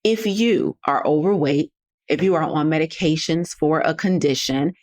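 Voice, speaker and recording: Woman, low voice, sassy and direct, motivational podcast host. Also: moderate pace, darkish tone. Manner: sassy, direct, preachy, talks straight to listeners. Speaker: podcast host and health coach. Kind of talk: motivational solo podcast talk.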